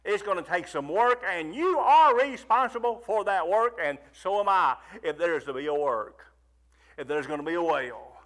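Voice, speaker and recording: A man preaching a fervent sermon, rising to near shouts and pleading prayers. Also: sits high, expressive, moderate pace.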